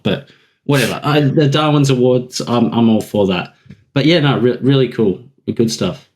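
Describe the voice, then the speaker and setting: A man's voice: medium pitch, expressive, normal speed. A man in a casual comic chat, joking and sarcastic. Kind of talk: casual chat about a webcomic.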